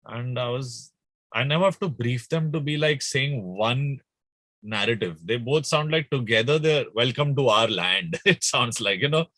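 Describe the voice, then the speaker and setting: Man, young musician guest; bright, tense tone, close and dry, loose rambling chat. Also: mid-range voice, moderate pace, no room sound. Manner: animated, rambling with restarts and fillers. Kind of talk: casual interview chat.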